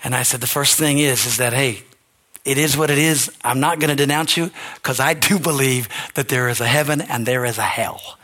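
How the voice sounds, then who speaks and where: An older man, a pastor, preaching an earnest, emotional sermon that swings from quiet to shouting. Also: medium pitch, normal speed.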